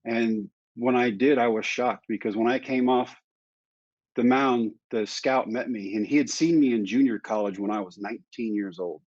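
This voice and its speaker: A man in his fifties, a guest in an interview, telling his story in a lively way and acting out the dialogue. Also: medium pitch, moderate pace, dry recording. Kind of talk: candid storytelling in conversation. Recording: dry, slightly dull sound.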